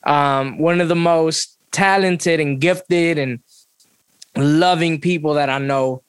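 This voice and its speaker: A man hosting a podcast in casual chat, hyping up his guest with playful, energetic intros. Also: on the high side, slow pace, clean tone, dry recording. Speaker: podcast host.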